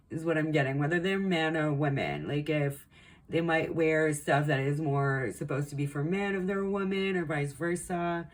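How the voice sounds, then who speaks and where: Low-voiced woman rambling through a tarot reading. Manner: rambling and chatty, many ums and likes. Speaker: tarot reader. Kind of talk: casual pick-a-card tarot reading.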